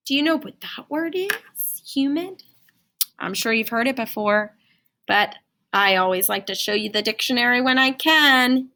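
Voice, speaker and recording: A woman teacher giving a playful, animated phonics lesson to young children. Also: fairly high pitch, moderate pace.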